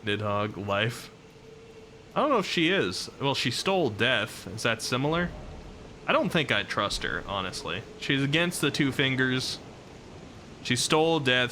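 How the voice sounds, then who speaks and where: A man's voice: mid-range voice, sharp tone, slight background noise. A man streaming a game live, chatting casually, reacting aloud to what happens and answering his chat. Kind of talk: live gameplay commentary.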